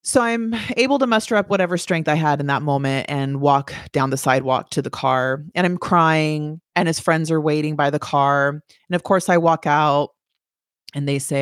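Woman, 40s, from the US; personal testimony, candid and plain-spoken, low voice, dry sound. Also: unhurried, no room sound. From United States. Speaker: survivor telling her story.

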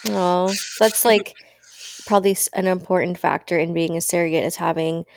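Woman, podcast host, casual and reactive, some vocal fry, dry close sound. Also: fairly low pitch, fairly even intonation, normal speed, no echo. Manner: casual, reactive, swears freely. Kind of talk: casual conversation.

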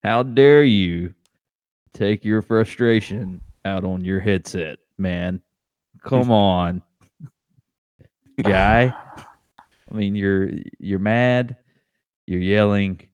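A man with a very deep voice joins a casual podcast chat, laid-back and joking. He talks slowly, and the sound is dry and close. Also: a little mellow, clean tone, no echo. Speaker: podcast co-host.

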